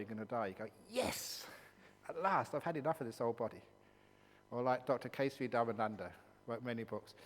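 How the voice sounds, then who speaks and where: Monk giving a funny dharma talk, playful and teasing, echoey hall, faint hum behind. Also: male voice, medium pitch. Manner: playful, animated, teasing, with sudden hushed passages. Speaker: Buddhist monk teacher.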